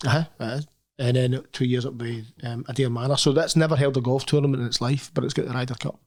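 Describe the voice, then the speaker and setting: A man's voice: mid-range voice, level tone, quick pace, darkish tone. A middle-aged man co-hosting a golf podcast, telling jokey anecdotes in casual banter. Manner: chatty anecdotal storyteller, jokey. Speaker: podcast co-host.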